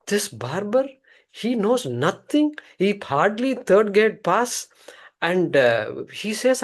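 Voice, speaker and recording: A man teaching a scripture class through an animated, repetitive story. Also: high voice, slow pace.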